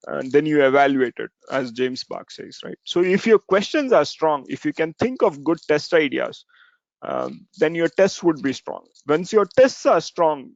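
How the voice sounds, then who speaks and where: A man giving an informal talk on software testing, conversational, with frequent fillers and tag questions. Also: fairly high pitch, vocal fry, dry recording. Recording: dull, slightly lo-fi dry recording.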